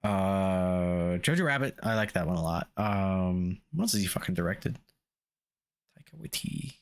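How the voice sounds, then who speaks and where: A man's voice: sits low, animated, moderate pace, vocal fry. A man streaming a video game, chatting casually and profanely with his viewers in a rambling, joking way. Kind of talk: casual live-stream chat while gaming.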